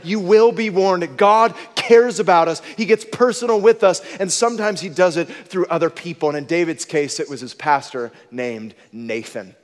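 A man preaching a sermon, telling stories with lively acted outbursts, then turning quiet and earnest. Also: sits high. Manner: animated storytelling, bursts into loud acted exclamations, drops to a quiet earnest tone. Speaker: pastor. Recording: long hall reverb.

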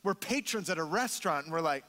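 High-voiced emphatic preacher man. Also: lively intonation, fast talker, sharp tone, long reverb tail. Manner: emphatic, repeats words, acts out quotes. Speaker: pastor. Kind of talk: sermon. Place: church.

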